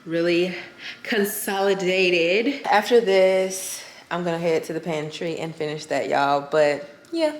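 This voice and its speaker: Low-voiced, tired woman vlogging at home. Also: fairly even intonation, moderate pace, few pauses. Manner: chatty, addresses viewers as y'all and friend. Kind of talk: casual vlog chat to camera. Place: her home, indoor rooms. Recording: echoey room at home.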